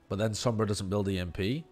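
Man, low voice, live-stream match analysis, profane, ranting, chat replies. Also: gravelly, a bit bright, breathy edge. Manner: reads and answers viewer chat.

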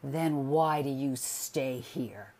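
A woman voicing a bitter, sickly husband who accuses his wife in loud, slow, forceful lines, read as a storybook figure. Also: low voice, exaggerated voice. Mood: angry.

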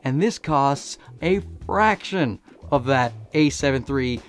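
Hoarse joking male camera vlogger. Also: mid-range voice, lively intonation, slow pace. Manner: joking, self-mocking, chatty. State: hoarse from laryngitis. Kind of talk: casual camera review vlog.

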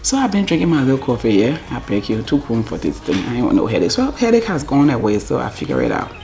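Low, gravelly Liberian woman rambling to camera. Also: very animated, fast, dark tone, faint music behind. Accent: Liberian English. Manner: rambling, talks to herself, drops to near-whispers. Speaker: vlogger. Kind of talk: casual talk to camera.

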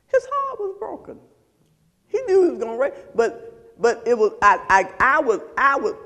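High-voiced preacher in a reverberant hall. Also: male voice, vocal fry, fairly bright tone. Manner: call-and-response preaching, quizzing the congregation. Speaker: pastor. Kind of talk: sermon.

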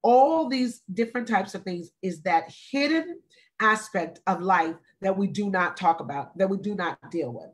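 A woman in her forties speaks over a live stream as a wellness speaker. Her voice sits at a middle pitch, and she talks slowly and deliberately, stressing and repeating her phrases for weight. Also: lively intonation. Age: 40s. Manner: slow, emphatic, repeats phrases. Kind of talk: earnest, deliberate talk. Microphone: video call or live stream.

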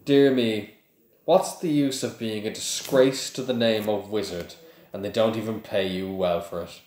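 A man's voice: on the low side, fairly even intonation, a little slow, darkish tone, roomy sound, natural voice. A man doing a cold, sneering aristocrat. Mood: contemptuous. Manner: cold, contemptuous.

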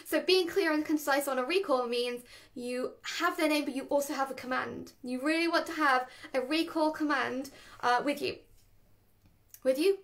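A woman, a dog trainer, explaining dog training in a chatty, animated way and laughing between points. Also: high voice. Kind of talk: casual instructional talk.

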